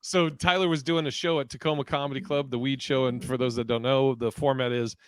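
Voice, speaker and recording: A man's voice: medium pitch, steady tone, brisk, clear, resonant tone. A man hosting a casual comedy podcast, loose and laughing with lots of fillers. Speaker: podcast host. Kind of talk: casual chat.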